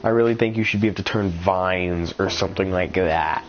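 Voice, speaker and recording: A man talking through his gameplay as a channel host, rambling and thinking aloud with many ums and restarts, sounding congested and a little rough. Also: sits low, fairly quick. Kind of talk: casual gameplay commentary. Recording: slightly dull lo-fi sound with faint noise.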